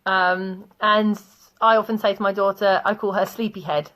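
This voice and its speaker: A woman's voice: medium pitch, level tone, moderate pace, a bit bright. A woman, teaching vocabulary in a chatty way, often laughing and telling anecdotes. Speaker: English teacher. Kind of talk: online English vocabulary lesson.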